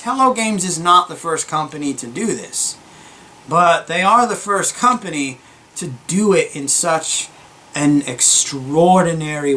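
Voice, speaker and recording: A young man hosting his gaming channel, giving a calm, earnest opinion monologue with many fillers and restarts. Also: a little high. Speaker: gaming YouTuber.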